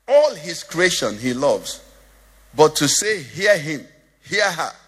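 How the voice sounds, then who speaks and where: A man's voice: medium pitch, bright, forceful tone, husky, big-room sound. A male pastor preaching a sermon, lilting in a sing-song way and asking the congregation questions. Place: church.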